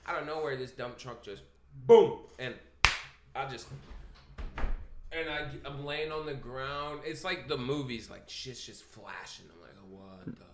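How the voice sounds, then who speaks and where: A man's voice: mid-range voice, a little slow, noisy background. A man co-hosting a casual podcast, telling rowdy stories full of swearing and laughter. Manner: profane, laughing, animated storyteller. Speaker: podcast co-host. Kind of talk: casual storytelling chat.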